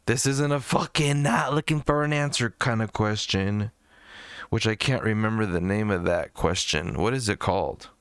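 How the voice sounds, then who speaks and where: A man's voice: lowish voice, normal speed, fairly bright tone, clear, resonant tone, dry recording. A man hosting a live music review stream, talking in a rambling, profane, jokey way. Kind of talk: casual livestream chat.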